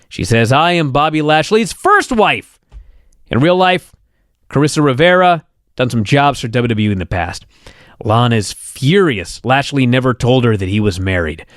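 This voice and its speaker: A man's voice: fairly high pitch, fairly bright tone, no echo, studio quality. A man hosting a podcast, telling a wrestling recap in a casual, sarcastic and profane way, acting out quotes. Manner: sarcastic, profane storytelling with quoted bits in character. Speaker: podcast host.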